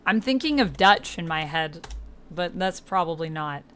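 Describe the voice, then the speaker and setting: A woman's voice: on the low side, animated, normal speed, fairly bright tone, a little hiss or hum. A woman streamer chatting casually on a livestream, thinking aloud and asking herself questions as she goes.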